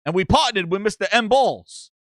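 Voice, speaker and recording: A man voicing a brash, loud male lawyer who boasts and shouts. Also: high voice, animated, moderate pace, no echo, studio quality. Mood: boasting.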